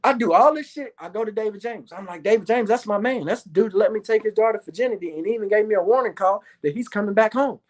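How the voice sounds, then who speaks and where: A man with a Louisville, Kentucky accent telling his own story in a profane, excitable monologue, acting out the other people's voices. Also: sits high, fast, few pauses.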